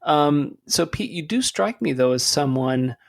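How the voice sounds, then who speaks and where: A man hosting a podcast, asking friendly, halting questions. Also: on the high side, expressive, creaky. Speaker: podcast host. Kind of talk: interview questions.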